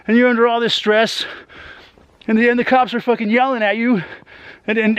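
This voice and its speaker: A man's voice: very high voice, level tone, fairly quick, pauses often, fairly bright tone, smooth, dry recording, lo-fi sound. A man venting to his YouTube audience in a rambling, heavily profane monologue, ending many lines with "man.".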